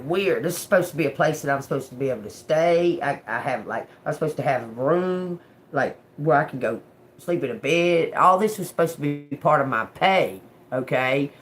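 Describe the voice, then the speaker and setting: A woman's voice: sits low, a little hiss or hum. A middle-aged woman, telling a blunt, profane story to her livestream audience. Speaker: livestream host. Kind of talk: casual storytelling monologue.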